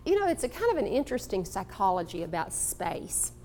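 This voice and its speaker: A woman from Texas giving a live motivational talk to an audience, animated and coaxing, calling on people in the room. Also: medium pitch, fairly quick, slight background noise. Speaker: motivational speaker.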